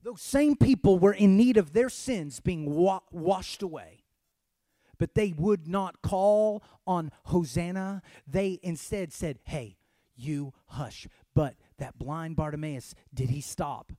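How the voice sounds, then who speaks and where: A man from Texas, with a voice that sits a little high, delivers a sermon in a dramatic style. He moves from hushed, intimate lines to loud, pleading cries. The sound is dry and close, with no room around it. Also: takes it slowly, dry recording. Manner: dramatic, swings from hushed to shouting. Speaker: pastor.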